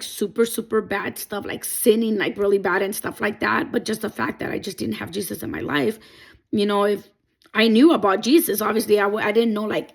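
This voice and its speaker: A woman's voice: a little high, creaky, breathy edge. A young adult woman telling a personal faith testimony, emotional and rambling with many fillers. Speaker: testimony vlogger.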